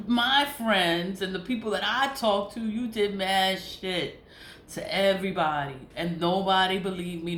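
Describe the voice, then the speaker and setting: A woman's voice: medium pitch, fairly bright tone. A woman vlogger venting in a casual monologue, profane and exasperated, laughing often between complaints. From United States. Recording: echoey room with faint noise.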